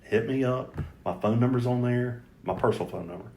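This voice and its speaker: A man's voice: medium pitch, brisk, mellow, slight background noise. A middle-aged man from North Carolina, a mayoral candidate guest, talking earnestly in a rambling, casual way with frequent restarts. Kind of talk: casual conversational interview. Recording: roomy echoey room.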